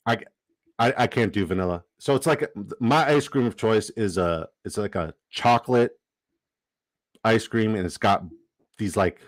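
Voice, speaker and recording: A young man hosting a livestream in casual chat, profane, excitable and given to rambling asides. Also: medium pitch, no room sound. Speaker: livestream host.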